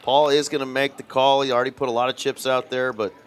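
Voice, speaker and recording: A man's voice: medium pitch, flat delivery, fast, clean tone. A man giving live poker color commentary in a joking, playful way.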